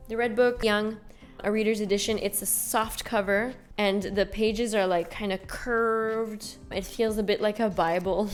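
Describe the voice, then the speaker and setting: Chatty woman vlogger, eager and rambling, soft music underneath. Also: mid-range voice, fairly even intonation, moderate pace. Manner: enthusiastic, rambling, with filler likes. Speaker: book vlogger. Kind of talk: casual chat answering a book tag.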